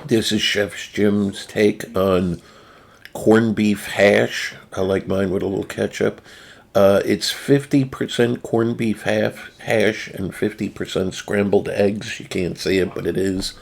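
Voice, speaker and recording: Slow gravelly man with a New Jersey accent. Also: fairly low pitch, steady tone. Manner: rambling, loose, with many fillers and restarts. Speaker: channel host. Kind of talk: casual chat walking through food photos.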